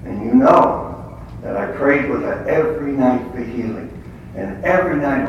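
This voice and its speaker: A man's voice: mid-range voice, animated, normal speed, dull audio. A man giving a conversational, testimony-style religious talk to a gathering, telling stories with blunt humor. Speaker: lay speaker at a faith gathering. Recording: echoey room from far off, faint noise.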